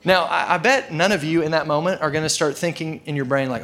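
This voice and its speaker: A man's voice: a little high, fast talker, a bit bright, a little hiss or hum. Casual, chatty male preacher. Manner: casual, conversational, frequent "like" fillers. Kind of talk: storytelling sermon.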